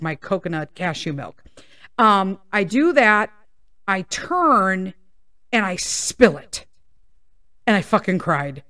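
A woman's voice: medium pitch, fairly bright tone, no room sound, studio quality. A woman hosting a casual podcast, telling personal stories in a candid, rambling way with plenty of swearing, sounding a little congested. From United States. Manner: candid, profane, rambling with tangents. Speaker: podcast host.

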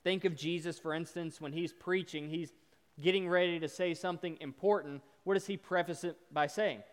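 A man preaching a sermon, emphatic, swelling loud on repeated words and dropping soft to make a point. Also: a little high, fairly even intonation, normal speed. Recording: long hall reverb.

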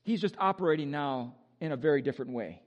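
A male pastor preaching an animated, joking sermon with exuberant energy. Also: a little high, fast talker, long reverb tail.

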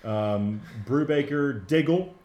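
A man speaking as a comic book writer guest in a casual interview, excitable and profane, with lots of restarts. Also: mid-range voice, takes it slowly, lo-fi sound. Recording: roomy echo.

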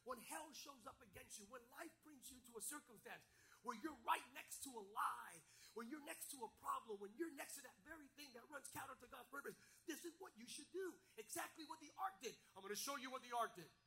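Brief: male preacher, sharp bright tone, repetitive and emphatic sermon delivery. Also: extremely high pitch, expressive, fairly quick, vocal fry, rough recording. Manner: rhetorical questions, repetition, emphatic.

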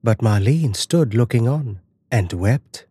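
Husky, slow man narrating a dark fairy tale. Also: mid-range voice, lively intonation, dry recording. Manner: measured, dramatic storytelling.

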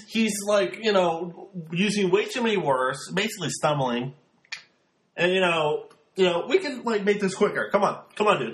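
A man's voice: on the high side, fairly bright tone, reverberant. A young man hosting a podcast, giving a rambling, sarcastic casual recap full of filler words. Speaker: podcast host.

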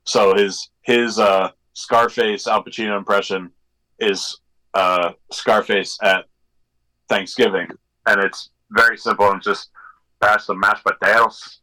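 A man's voice: lowish voice, fairly even intonation, measured pace, pushed and bright, poor audio. A man co-hosting a podcast in casual chat, rambling and digressing with lots of fillers. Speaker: podcast co-host.

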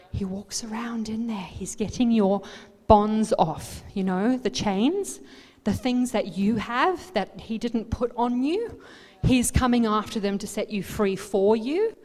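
A woman pastor preaching a sermon, swinging from quiet asides to loud, animated outbursts. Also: a little high. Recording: long hall reverb.

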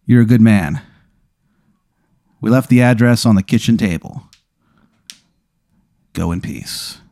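A man voicing the solemn male leader of a Christmas council, calm and formal. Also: lowish voice, slow, no room sound, clean studio sound.

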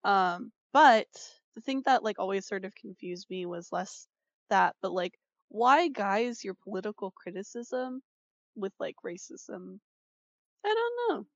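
A woman's voice: mid-range voice, sing-song, measured pace, no room sound, lo-fi sound. A woman co-hosting a podcast, chatting casually and rambling with lots of "like" and fillers. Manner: rambling, heavy use of "like". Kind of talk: casual chat.

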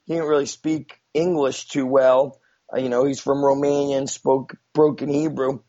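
A man's voice: mid-range voice, level tone, normal speed, mellow. A man telling a story as a guest in a casual, rambling way, with many fillers and frequent swearing, on a dull lo-fi recording. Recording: dull lo-fi sound.

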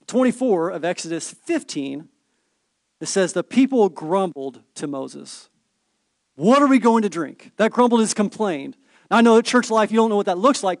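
A man's voice: very high-pitched, no echo, studio quality. A pastor in his thirties preaching a sermon, telling stories with rhetorical questions and playful asides.

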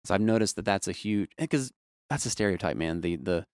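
A man who works as a production manager, talking candidly in a casual interview and telling animated stories with some casual swearing. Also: sits low, a little fast, clear, resonant tone, no echo, studio quality. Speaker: production manager at a music venue.

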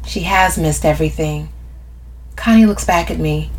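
A woman's voice: low voice, moderate pace. A woman narrating first-person fiction as an audiobook, telling it expressively. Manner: expressive storytelling.

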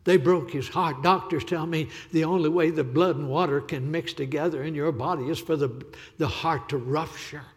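A man's voice: on the high side, fairly even intonation, normal speed. A man preaching an impassioned sermon as a visiting evangelist, pleading with repetition. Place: church sanctuary. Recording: reverberant church hall.

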